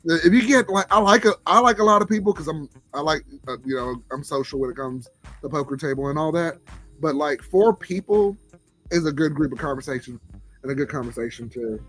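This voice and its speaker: With a voice on the high side, fairly bright and fairly quick, a Southern-drawling man hosts a relaxed livestream chat. He chuckles while welcoming viewers, with faint music in the background.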